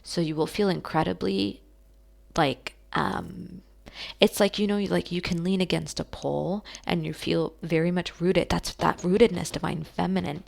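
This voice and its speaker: Woman psychic reader, lowish gravelly voice, soft and emotional, halting delivery. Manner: soft, emotional, addresses listeners as beautiful souls; halting, many fillers and restarts. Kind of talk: channeled tarot reading.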